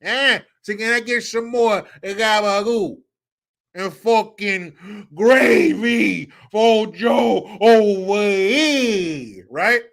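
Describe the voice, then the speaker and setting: Man putting on a loud Italian-American mobster dad. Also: high-pitched, drawn-out words, voice pushed up, full character voice. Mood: bellowing. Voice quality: gruff, profane, New York mobster drawl.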